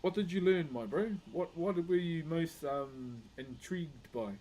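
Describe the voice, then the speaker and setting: Laid-back New Zealand man, higher voice. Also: unhurried, warm tone, a little hiss or hum. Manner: laid-back, chatty, greets viewers as bro. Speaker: live-streaming woodcarver. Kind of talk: casual live-stream chat.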